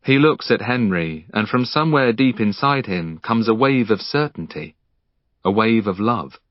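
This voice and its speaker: A man narrates an audiobook, voicing its dialogue with feeling. His pitch rises and falls widely. The recording is dry and a little dull. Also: moderate pace, no echo. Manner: expressive, emotional character reading. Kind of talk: scripted narration with acted dialogue.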